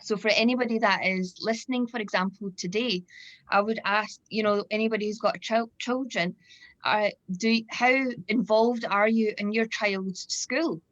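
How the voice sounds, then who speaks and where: A woman's voice: medium pitch, fairly even intonation, moderate pace, fairly bright tone, no echo. A woman in her thirties with a Scottish accent, hosting a casual panel chat over a video call, talking with many fillers and restarts. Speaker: event host. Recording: dull lo-fi video call audio.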